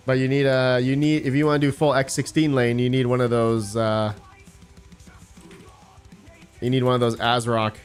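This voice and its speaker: A man's voice: mid-range voice, clear, resonant tone. Rambling male streamer thinking aloud. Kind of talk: casual live-stream chat.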